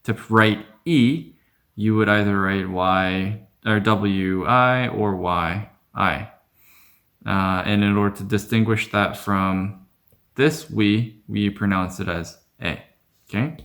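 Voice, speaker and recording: Slow gravelly man teaching vowels. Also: on the low side. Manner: relaxed, repeats sounds slowly to demonstrate. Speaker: Korean language teacher. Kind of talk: casual explanatory lesson.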